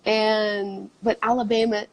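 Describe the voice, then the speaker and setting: A woman's voice: mid-range voice, flat delivery, unhurried, dull audio. A Brazilian-born woman, a native Portuguese speaker and English teacher, chatting in an interview and laughing often. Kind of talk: casual interview chat.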